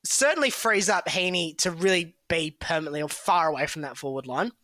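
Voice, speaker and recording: A man's voice: a little high, brisk, pushed and bright, dry recording. A man talking casually on a podcast, analysing football picks with plenty of fillers and hedges. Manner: chatty, analytical, hedging with fillers. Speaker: football draft analyst, co-host.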